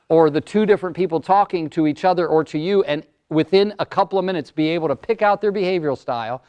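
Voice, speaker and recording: A man in his sixties, a motivational speaker and coach, telling stories and acting out voices in a lively workshop talk to an audience. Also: on the high side. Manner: animated storyteller, acts out client voices.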